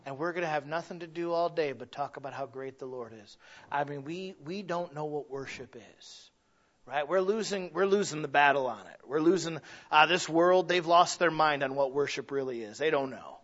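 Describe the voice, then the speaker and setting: Pastor guy preaching, goes from soft almost whispering to loud and excited, kinda dull muffled sound. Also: fairly high pitch, moderate pace. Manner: swings from hushed and intimate to loud and exclaiming. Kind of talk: sermon.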